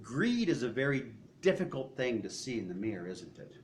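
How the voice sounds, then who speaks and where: A man's voice: mid-range voice, big pitch swings, normal speed, slight background noise. A male pastor preaching a sermon, asking the congregation questions and acting out the voices of the people he describes. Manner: acts out hoarders' voices in quotes. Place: church sanctuary.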